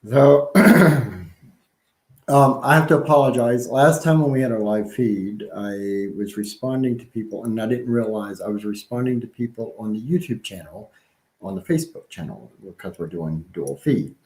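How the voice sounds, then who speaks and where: A man with a slight Southern accent co-hosting a casual live-streamed chat, rambling and halting with many ums and restarts. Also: medium pitch, darkish tone, echoey room, rough recording.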